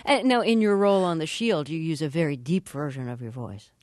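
A woman's voice: sits low, a little fast, a little mellow, dry recording, clean studio sound. A woman hosting a radio interview, asking curious, conversational questions.

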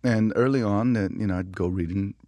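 Man, actor guest, very deep voice, animated storytelling, laughs, dry close sound. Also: brisk, no echo. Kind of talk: casual storytelling.

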